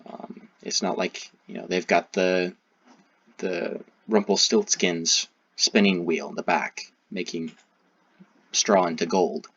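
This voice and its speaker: A man giving critical commentary in a halting, hesitant way, with frequent restarts. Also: low-pitched, fairly even intonation, fairly bright tone, slightly rough, dry recording. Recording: dull, muffled recording.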